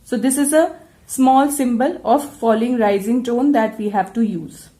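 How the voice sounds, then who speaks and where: A woman's voice: a little high, measured pace, dark tone. Echoey-voiced woman teaching English. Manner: patient, explains step by step. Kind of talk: classroom lecture.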